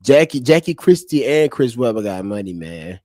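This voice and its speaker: A man's voice: medium pitch, very animated, normal speed, dark tone, no room sound, clean studio sound. A man live-streaming to his chat, talking heatedly and profanely and repeating his points over and over. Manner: heated, profane and repetitive, restating each point. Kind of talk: unscripted live-stream commentary.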